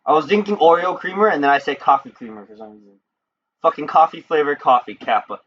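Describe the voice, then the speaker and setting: A man's voice: a little high, lively intonation, fast, highs cut off, a little hiss or hum. A man streaming a game, chatting casually in a rambling, joking way with some swearing. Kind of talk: casual gameplay stream chat.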